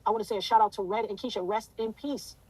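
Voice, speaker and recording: Rapid-fire fervent woman telling her story. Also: mid-range voice, steady tone, crowd noise, rough recording. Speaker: interview guest. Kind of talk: emotional interview testimony.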